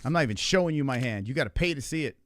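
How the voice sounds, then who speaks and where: A man's voice: mid-range voice, lively intonation, very fast. A man with a mid-range voice narrates his poker hands while he plays, talking trash at his opponent and cursing freely. His talk is loose and casual. Faint noise and clicks sit under the recording. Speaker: podcast host playing poker. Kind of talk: casual gaming commentary.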